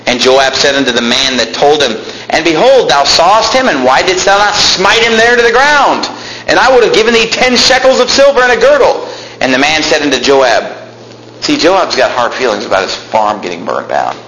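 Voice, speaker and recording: A man's voice: on the high side, big pitch swings, moderate pace, pushed and bright, a little hiss or hum. Young man preaching in an echoey room. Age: young adult. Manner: reads scripture then explains it in plain talk, rising to fervent emphasis. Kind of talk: sermon. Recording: echoey room with faint ambience.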